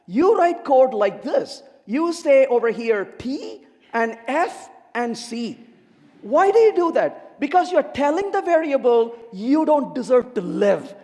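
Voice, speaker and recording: A man giving a humorous conference talk on code, theatrical and animated, asking the audience questions. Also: very high voice. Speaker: conference speaker. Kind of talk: humorous technical keynote. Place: large conference hall. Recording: long hall reverb.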